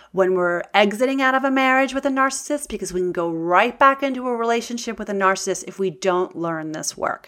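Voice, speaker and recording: Woman talking straight to her viewers about healing, earnest, gets really emphatic sometimes. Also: fairly low pitch. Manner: earnest and confiding, with lively emphatic swings. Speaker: self-help speaker. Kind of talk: candid talk to an audience.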